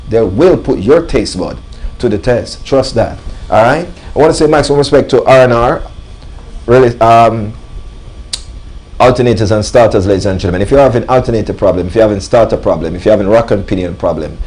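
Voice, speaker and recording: A man hosts a live radio talk show from a studio. His voice sits fairly low, and he talks in an emphatic, preacher-like way, leaning on repeated phrases and calling out to his listeners. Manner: emphatic, repeats "ladies and gentlemen". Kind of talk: live talk radio monologue with sponsor reads.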